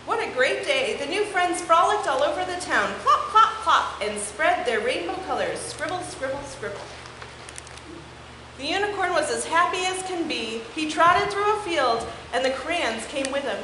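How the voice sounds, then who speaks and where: A young woman reads a picture book to children during a church service's children's message, encouraging them as she goes. Her voice sits high, pushed and bright, animated at a moderate pace, with sanctuary echo and background noise around it.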